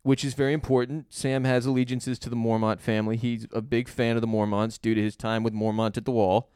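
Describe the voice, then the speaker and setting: A man co-hosting a casual podcast, recapping an episode in a loose, joking way with the odd curse. His voice is smooth and resonant and sits in a middle register. The sound is dry and close. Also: medium pitch, little pitch movement, a little fast, a little mellow, dry recording. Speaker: podcast co-host.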